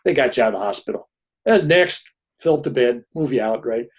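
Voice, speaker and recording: Older male guest telling a long personal story, lively and chatty, with a husky edge. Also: medium pitch, fairly quick. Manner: animated storyteller, often adds "right?". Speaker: podcast guest.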